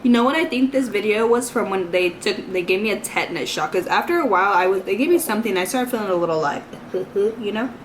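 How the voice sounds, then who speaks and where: A woman's voice: mid-range voice, expressive, fast. A young woman tells a story to her camera in a loose, rambling way. She keeps filling her sentences with "like" and "you know" as she goes. A faint hiss of noise sits under her voice. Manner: chatty, rambling, heavy use of "like" and "you know". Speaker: vlogger. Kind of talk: casual storytime vlog.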